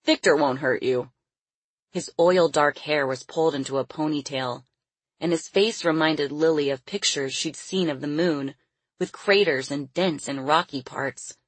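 Low husky lady reading an audiobook, measured, dry close mic. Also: no echo. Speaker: audiobook narrator. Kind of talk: scripted storybook narration.

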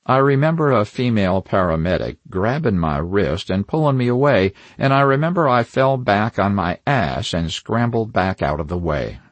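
A man's voice: on the low side, lively intonation, normal speed, few pauses, no echo. A man narrating a first-person crime novel in a wry, hard-boiled manner with dry asides. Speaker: audiobook narrator.

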